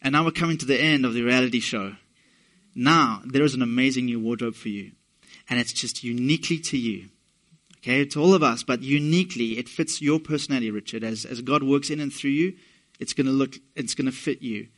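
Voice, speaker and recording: A man's voice: mid-range voice, fairly quick, a bit bright. A middle-aged man from England preaching a sermon, talking conversationally with asides to the congregation. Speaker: pastor.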